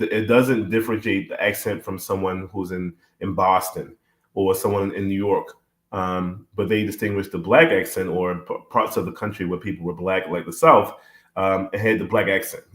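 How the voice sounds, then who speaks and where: A man's voice: deep voice, a bit bright, echoey room. A man talking things over in a casual discussion, thoughtful and full of fillers. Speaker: podcast guest.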